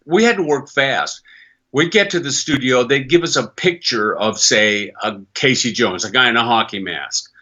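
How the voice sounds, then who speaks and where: A man's voice: medium pitch, normal speed, muffled recording. An older man, a veteran voice actor, telling stories as a podcast guest and slipping into character voices. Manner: animated storyteller who slips into character voices. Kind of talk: podcast interview.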